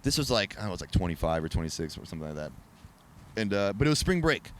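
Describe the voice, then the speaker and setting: A man telling wild stories as a podcast guest in casual chat, animated and profane, often laughing as he talks. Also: low voice, rapid-fire, slight background noise.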